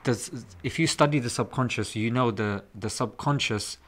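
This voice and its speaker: A man talks on a casual podcast, explaining points with animated emphasis. His voice sits at a medium pitch. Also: normal speed. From England. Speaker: podcast guest.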